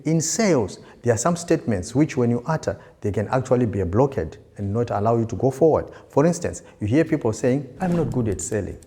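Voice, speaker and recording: A man's voice: medium pitch, warm tone. A male sales trainer giving a motivational lesson, stressing and repeating key words for emphasis. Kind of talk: motivational teaching talk.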